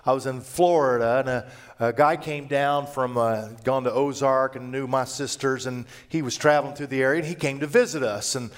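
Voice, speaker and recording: A middle-aged man preaching a conversational sermon as a pastor, telling personal stories and moving between hushed and raised delivery. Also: mid-range voice, fairly even intonation, normal speed.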